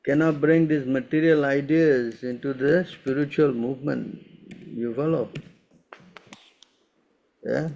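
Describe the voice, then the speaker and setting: A man with a gravelly, mellow voice of middle pitch, answering questions as a spiritual teacher. He talks emphatically and keeps checking in with quick tag questions. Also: fairly even intonation, lo-fi sound. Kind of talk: Q&A session.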